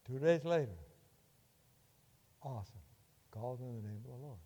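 An older man preaching a sermon in a church, impassioned, swinging from loud urging to hushed tones. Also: medium pitch, lively intonation, normal speed, in a large hall.

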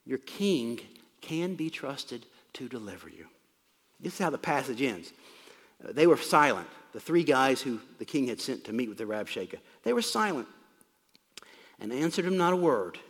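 A man's voice: medium pitch, very animated, moderate pace, big-room sound. A man preaching a sermon, explaining scripture in a plain, conversational way.

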